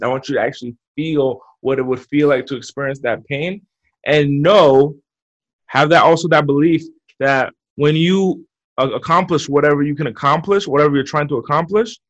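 A man giving motivational advice as a podcast guest, talking in an energetic coaching way with frequent repeats. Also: medium pitch. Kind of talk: motivational interview talk. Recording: muffled lo-fi audio.

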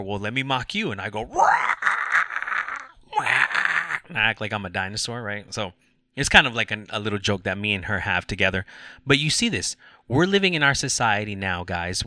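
A man's voice: lowish voice, sharp tone, dry recording, studio quality. A man hosting a faith podcast, talking in an impassioned, rambling way with many restarts. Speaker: podcast host. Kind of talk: preachy faith talk.

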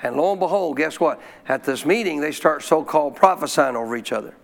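A male pastor telling a story in a sermon, folksy and animated, often clearing his throat. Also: fairly high pitch, a little fast.

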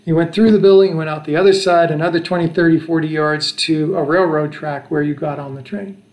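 A man's voice: a little high, fairly even intonation, a little fast, a little mellow. An American man in his sixties casually telling a long travel story, rambling along with restarts and chuckles. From United States. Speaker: father telling travel stories. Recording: echoey room.

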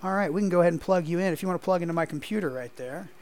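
Guy cohosting a podcast on a headset, slightly high voice, rambles with lots of ums. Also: rapid-fire, a little mellow. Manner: rambling, hesitant with many fillers. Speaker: podcast co-host. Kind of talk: casual podcast chat.

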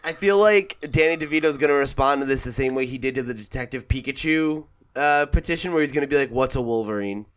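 A man co-hosting a comics podcast, teasing the others with quick jokes. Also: fairly high pitch, fairly bright tone. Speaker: podcast co-host. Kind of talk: casual chat.

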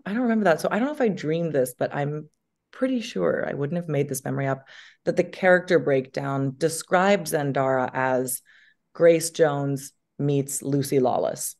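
A woman in her thirties with a deep voice, chatting as an interview guest and telling animated stories in which she acts out quotes. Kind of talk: casual interview chat.

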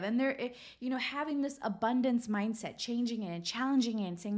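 A woman's voice: on the high side, lively intonation, normal speed, darkish tone. A woman hosting a casual self-help podcast, talking in an encouraging way and often checking in with "right?". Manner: encouraging, peppered with "right?" tag questions. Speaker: podcast host.

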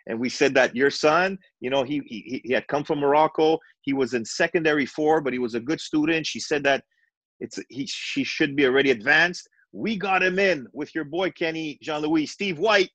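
As a podcast guest, this retired basketball coach from Montreal, Canada, is an animated middle-aged storyteller who acts out the dialogue in his tales. His male voice is fairly high at a moderate pace, and the sound is dry, with no room sound.

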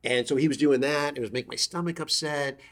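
A man's voice: on the high side, quick pace, a bit bright. A middle-aged man, a guest actor and improviser, telling a comic story in casual chat with rambling, self-interrupting tangents.

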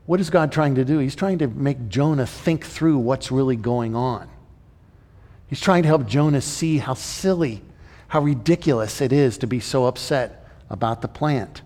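A man preaching a sermon, retelling a scripture story in an animated way and dropping his voice low for asides. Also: normal speed. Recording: long hall reverb.

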